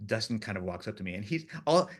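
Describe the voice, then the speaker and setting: A man, a film director, chatting in an interview and telling animated stories from the set, acting out his crew's lines and laughing often. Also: lowish voice, fast. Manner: animated storyteller, acts out crew voices, laughs often. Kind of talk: casual interview chat.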